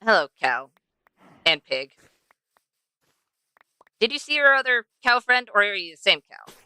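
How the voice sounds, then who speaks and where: A woman's voice: mid-range voice, sing-song, measured pace, pushed and bright, clear, resonant tone, no room sound. A young woman streaming a game, chatting to herself and to the animals she passes as she plays. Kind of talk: casual gameplay commentary.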